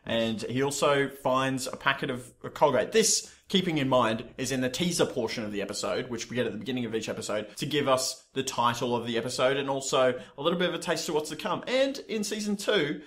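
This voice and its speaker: A man co-hosting a casual podcast recap. He talks in dry, teasing banter at a middle pitch. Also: fairly quick, hardly any pauses, fairly bright tone. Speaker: podcast co-host.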